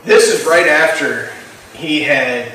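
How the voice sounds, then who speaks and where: A man's voice: fairly high pitch, slow pace, sharp tone, slight background noise. A man giving a casual sermon to a youth group, talking in a conversational way and often checking in with his listeners. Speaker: youth pastor. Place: church youth room. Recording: very echoey room, mic far off.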